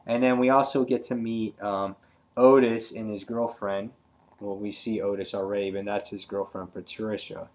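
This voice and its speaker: A man's voice: lowish voice, little pitch movement, moderate pace, a little mellow. Rambling man reviewing a comic book. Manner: rambling, many fillers. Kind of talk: casual review chat.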